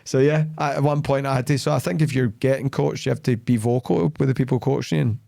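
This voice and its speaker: A man's voice: mid-range voice, fast, vocal fry, no echo, studio quality. A man hosting a podcast in casual chat, telling stories bluntly and acting out the dialogue. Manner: animated storytelling, acting out quoted dialogue; blunt, plain-spoken. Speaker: podcast host.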